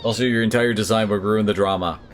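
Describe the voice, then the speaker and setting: A man's voice: on the low side, fairly even intonation, fast, a little hiss or hum. A man giving offhand, joking commentary while streaming a game. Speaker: gaming streamer. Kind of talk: casual let's-play commentary.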